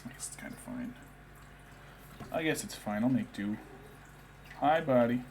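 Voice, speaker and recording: A man's voice: fairly low pitch, huge pitch swings, normal speed, darkish tone, slight background noise. A young man chatting casually while painting miniatures on a stream, rambling and now and then talking baby talk to his cat.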